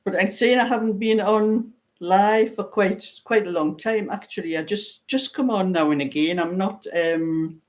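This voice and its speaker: Hosting her knitting channel's livestream, a Newcastle woman in her 70s chats and rambles in a light Geordie accent, laughing often. Her mid-range, darkish voice moves at a measured pace with hardly any pauses.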